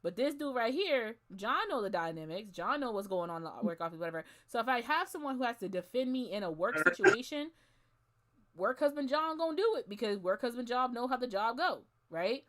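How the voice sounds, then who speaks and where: A woman's voice: on the high side, a little fast. A woman co-hosting a podcast, chatting animatedly and trailing off with casual asides. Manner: animated storytelling, trails off with "whatever". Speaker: podcast co-host. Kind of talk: casual chat.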